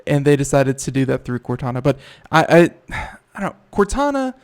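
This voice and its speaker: A man's voice: mid-range voice, very animated, fairly quick. A man hosting a computer talk show, chatting casually and rambling with many fillers and restarts. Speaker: radio talk show host. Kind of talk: casual chat.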